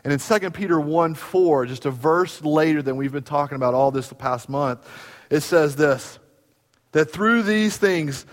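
A man preaching a sermon in a church, telling stories and moving from quiet moments to loud ones. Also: on the high side, unhurried, long reverb tail. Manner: storytelling, animated, swinging from quiet to loud. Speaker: pastor. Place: church sanctuary.

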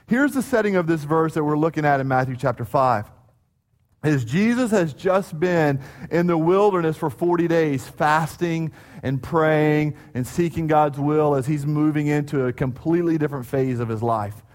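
A man preaching a sermon, telling a lively story and acting out crowd chants before reading scripture. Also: fairly high pitch, normal speed. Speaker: pastor.

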